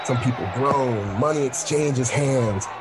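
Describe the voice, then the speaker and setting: A man's voice: mid-range voice, slow, music in the background, a crowd in the background. A young man casually telling a comic story, rambling with lots of fillers and laughter. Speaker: storyteller pitching a film idea.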